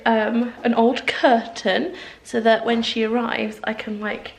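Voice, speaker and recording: A woman's voice: slow pace, creaky. Bubbly woman gushing. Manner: bubbly and gushing, voice jumping high when excited. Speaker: vlogger. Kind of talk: casual chat.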